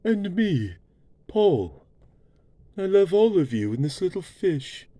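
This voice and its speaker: A man putting on a high, squeaky falsetto for a giddy, affectionate male character. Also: very animated, takes it slowly, dark tone, dry recording, exaggerated voice. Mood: gushing.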